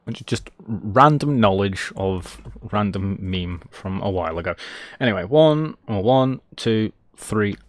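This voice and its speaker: A man's voice: on the low side, lively intonation, unhurried, few pauses, no room sound. A man streaming a game, rambling and self-mocking as he talks to himself while he plays. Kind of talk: casual gameplay commentary.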